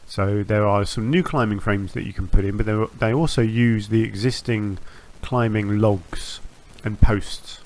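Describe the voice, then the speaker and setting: A man with a fairly low voice hosts his gaming channel, chatting easily through his build as he plays. He wanders from thought to thought, trips over his own phrases and restarts them, and fills the gaps with ums and uhs. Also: fairly even intonation, a little slow, hardly any pauses, darkish tone. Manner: rambling, self-correcting, with frequent ums and restarts. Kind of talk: relaxed gameplay commentary.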